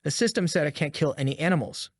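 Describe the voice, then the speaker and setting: A man's voice: a little high, expressive, quick pace, husky, no echo, clean studio sound. A man voicing a cocky young male doctor hero in a storybook-style recap, in smug, teasing lines.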